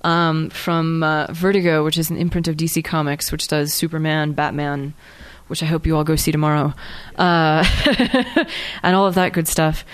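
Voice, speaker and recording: A woman's voice: low voice, fairly even intonation, normal speed, clear, resonant tone. A woman author reading her own fiction aloud, then answering questions in a hesitant, filler-heavy way. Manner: hesitant, many fillers and restarts when speaking freely. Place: live reading event.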